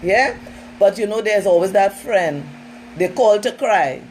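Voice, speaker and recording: A woman trainer speaks to her listeners in an emphatic, conversational way. Her voice sits at an ordinary middle pitch. She keeps turning to them directly, with a faint hum behind her. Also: expressive, measured pace, a little mellow, poor audio. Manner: emphatic, conversational, often says "listen" and "you know". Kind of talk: informal training talk.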